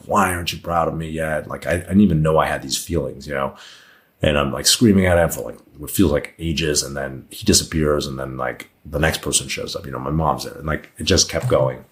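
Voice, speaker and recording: A man in his thirties, a podcast guest, telling a personal story in a candid, rambling way with many fillers and restarts. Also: very deep voice. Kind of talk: storytelling in casual conversation.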